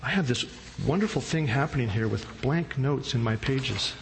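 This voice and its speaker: A man's voice: mid-range voice, lively intonation, moderate pace. A male pastor preaching a sermon in a casual, slangy, humorous storytelling way. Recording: long hall reverb, faint noise.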